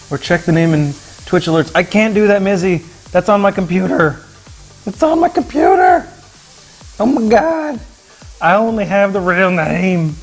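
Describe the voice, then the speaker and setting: A man casually chatting while cooking in his home kitchen on a live stream, joking and calling out viewers by name. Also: sits high. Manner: excitable, jokey, thanks viewers by name. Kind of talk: casual livestream chat.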